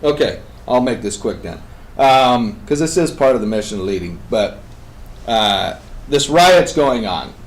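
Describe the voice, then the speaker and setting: Animated man telling a story. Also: mid-range voice, a little slow, low-quality recording. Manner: animated, swings between loud emphatic bursts and hushed intense passages. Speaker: guest on a talk show. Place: radio studio.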